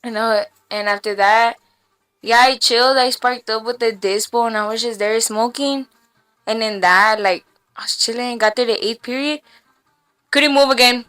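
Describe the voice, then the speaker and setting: A woman's voice: a little high, fairly even intonation, normal speed, fairly bright tone, faint music behind. A young woman telling wild stories on a casual podcast, slangy and full of swearing, laughing as she goes. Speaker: podcast guest. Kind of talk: casual storytelling. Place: small room with podcast lights and mic.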